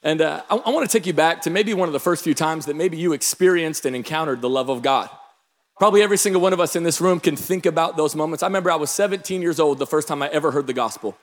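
A pastor from the Pacific Northwest preaching a sermon, telling stories with bursts of shouting. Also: male voice, fairly high pitch, fast. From Pacific Northwest, Tacoma, Washington. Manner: energetic storytelling, bursts of shouting. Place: large church hall. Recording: long hall reverb.

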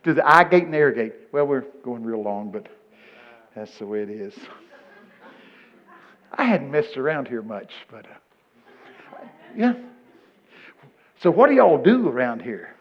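An older man preaching a folksy sermon full of stories, breaking into loud excited bursts. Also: mid-range voice, unhurried, pauses often. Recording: muffled lo-fi recording.

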